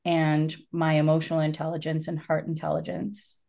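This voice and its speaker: A woman with a low voice speaks as a guest in a casual podcast interview. She is earnest and open and laughs easily as she talks about her work. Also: monotone, moderate pace, creaky, warm tone. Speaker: podcast guest, business coach.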